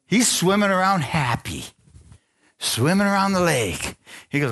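A male pastor preaching a lively sermon, retelling a Bible story playfully and often asking his congregation for an amen. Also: high voice, a little slow. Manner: excitable, playful storytelling with call-and-response.

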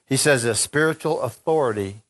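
A man's voice: mid-range voice, a little fast, a bit bright. A man preaching an unplanned sermon to a large congregation, fervent and call-and-response, reading scripture and rising to exclamations. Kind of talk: spontaneous sermon.

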